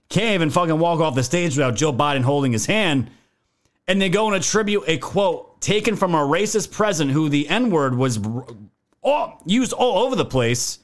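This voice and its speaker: A man hosting a political commentary video, ranting in a heated, profane way and calling his viewers fam. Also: fairly high pitch.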